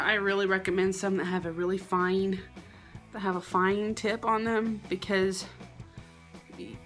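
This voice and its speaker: A young woman from South Carolina with a Southern accent, rambling chattily through a wig and makeup tutorial at home. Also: fairly bright tone. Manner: chatty, rambling, self-deprecating, drops into a low murmur at times. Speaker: wig and beauty vlogger. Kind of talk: casual tutorial chat.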